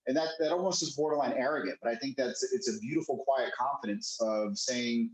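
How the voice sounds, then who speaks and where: A man hosting a podcast interview, responding to his guest with warm enthusiasm. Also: mid-range voice, a little fast, hardly any pauses. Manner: enthusiastic, affirming. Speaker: podcast host. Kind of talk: casual interview chat. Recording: echoey room.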